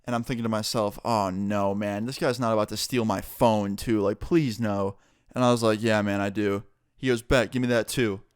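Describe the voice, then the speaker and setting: A man's voice: fairly low pitch, moderate pace, clean tone, no echo, clean studio sound. Young man telling a casual storytime. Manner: casual, profane, animated storytelling. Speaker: vlogger. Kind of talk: storytime vlog.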